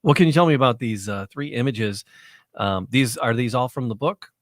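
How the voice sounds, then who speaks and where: A man's voice: mid-range voice, expressive, normal speed, no echo. Man, podcast co-host, curious questions, plain mid voice, dry sound. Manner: interested, asks questions, short agreements. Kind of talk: casual chat.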